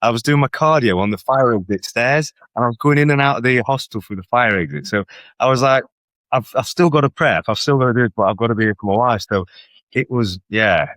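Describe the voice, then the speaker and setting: A man telling stories in a casual interview, animated, often checking in with tag questions. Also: mid-range voice, brisk, no echo. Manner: animated storyteller with frequent tag questions and laughter. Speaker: guest bodybuilder.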